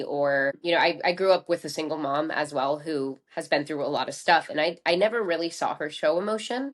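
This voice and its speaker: A woman speaking openly and earnestly as a podcast guest, now and then fighting back tears. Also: deep voice. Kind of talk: candid conversational interview.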